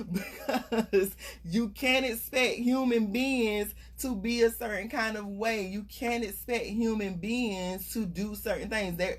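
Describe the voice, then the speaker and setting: Earnest woman giving life advice. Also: lowish voice. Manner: earnest, conversational, emphatic. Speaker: life coach. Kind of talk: casual motivational talk.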